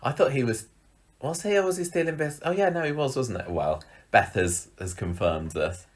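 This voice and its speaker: A woman co-hosting a podcast, chatting animatedly about a soap and jumping up high when she mimics characters. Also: expressive, moderate pace. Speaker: podcast co-host. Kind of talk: casual chat.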